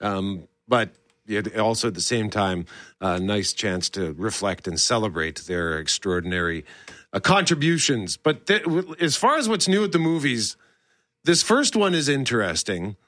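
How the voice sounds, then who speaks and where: Bright-voiced, enthusiastic male host. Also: lowish voice, big pitch swings, normal speed, no echo, studio quality. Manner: enthusiastic and rambling, with restarts. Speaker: show host. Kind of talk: casual entertainment talk.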